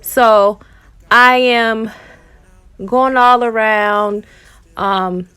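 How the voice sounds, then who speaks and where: A woman's voice: a little high, fairly even intonation, drawn-out words, pushed and bright, clear, resonant tone, no room sound. A woman, a mother and hair vlogger, narrating a home haircut in a casual, explanatory voice-over full of ums and likes.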